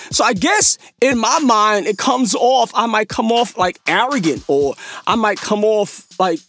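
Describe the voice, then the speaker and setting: A man's voice: very high-pitched, moderate pace, a bit bright, faint music behind. A man hosting a podcast, telling stories in a casual, slangy way, acting out his own past remarks and laughing at himself. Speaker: podcast host. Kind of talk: casual storytelling monologue.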